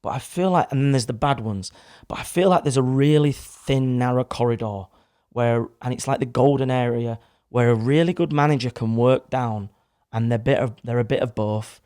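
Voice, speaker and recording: A man's voice: medium pitch, moderate pace, a little mellow, no room sound, clean studio sound. A young man, casually telling a rambling story in a podcast chat, with some swearing. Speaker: podcast guest. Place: studio. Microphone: studio microphone.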